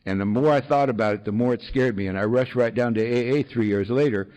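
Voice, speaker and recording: Guy telling his story, dry and self-mocking, lots of ums and little laughs, mid-pitch voice. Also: quick pace, noisy background. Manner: wry, self-mocking, lots of fillers and chuckles. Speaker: speaker sharing a recovery story. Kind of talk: storytelling to an audience.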